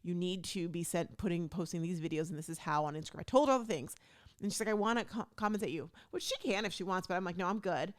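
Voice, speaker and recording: A woman's voice: fairly low pitch, fast talker. A woman hosting her own podcast, talking casually and chattily, acting out what people said to her. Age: adult stepmom. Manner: chatty, animated, acts out quoted talk. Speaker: podcast host. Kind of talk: casual solo talk.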